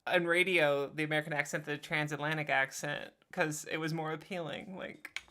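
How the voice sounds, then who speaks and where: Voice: medium pitch, steady tone, sharp tone, a little hiss or hum. A player at a tabletop game, chatting casually and musing aloud, with frequent laughter. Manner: slow, musing, laughs often.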